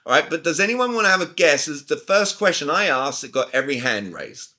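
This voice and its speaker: A man's voice: a little high, big pitch swings, brisk, bright, forceful tone. A man in his forties with a British accent, coaching a group over a video call with emphatic questions. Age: 40s. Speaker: communication coach. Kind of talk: live online sales training.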